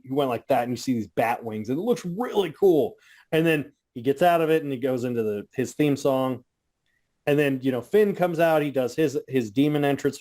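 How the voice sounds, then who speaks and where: A man co-hosting a podcast, telling a story in casual chat, excitable and swearing, sometimes mocking others in silly voices. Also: mid-range voice. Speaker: podcast co-host.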